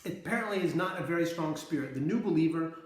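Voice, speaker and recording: A man's voice: on the high side, animated, quick pace. A man earnestly retelling and interpreting his dreams in a conversational way, acting out the scenes as he goes. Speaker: preacher recounting visions. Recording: very echoey room.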